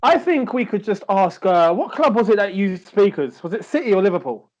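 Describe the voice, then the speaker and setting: Host with a high, bouncy voice, quick with banter, muffled lo-fi line. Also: male voice, lively intonation, a little mellow. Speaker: podcast host. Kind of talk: casual online football chat. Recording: dull lo-fi call audio.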